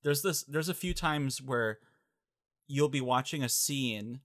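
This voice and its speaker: A young man with a bright, forceful voice talks through a movie in casual podcast chat. He is animated and slips into quick impressions of characters. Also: medium pitch. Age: young adult. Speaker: podcast co-host.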